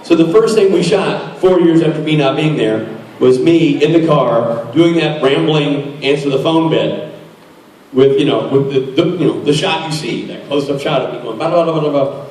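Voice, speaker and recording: A man's voice: a little high, normal speed, darkish tone, distant mic. A man in his forties telling rambling, self-mocking stories to a convention audience. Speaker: convention panel guest. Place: large convention hall. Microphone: phone recording from the audience. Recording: echoey hall recorded from afar on a phone.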